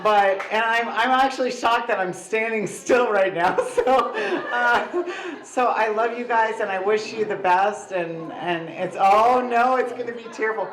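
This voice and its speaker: A woman's voice: fairly high pitch, a little slow. Giggly mother of the groom toasting. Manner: rambling, giggly, self-deprecating. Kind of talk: tipsy wedding toast. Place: wedding reception in a barn. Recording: echoey reception hall with crowd.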